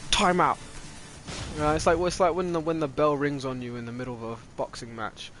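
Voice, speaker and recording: A man hosting a gaming channel, chatting casually while he plays and getting loudly worked up when he loses. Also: a little high, quick pace, a little hiss or hum. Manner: excitable, gets loudly worked up over losses. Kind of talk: casual gameplay commentary. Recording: game music under the voice.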